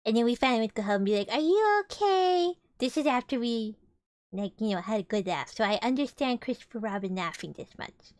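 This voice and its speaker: A woman's voice: mid-range voice, fast, no echo. A young woman streamer reading a storybook aloud with casual, chatty and giggly asides between passages.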